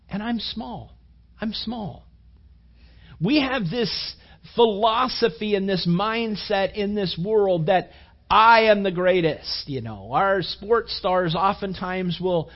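A man's voice: high voice, dull audio. A man preaching a sermon to young men, rambling in a chatty way with many fillers and rhetorical questions.

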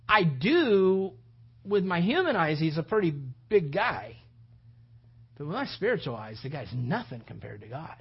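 A man preaching a sermon in a conversational, animated way, retelling a story and acting out its scenes. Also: a little high, measured pace, vocal fry, husky, muffled recording.

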